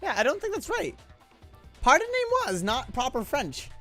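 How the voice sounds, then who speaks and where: Casting: chatty woman streamer reacting to a game, animated pitch, rapid profane asides. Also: faint music behind. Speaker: let's play streamer. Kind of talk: casual gameplay commentary.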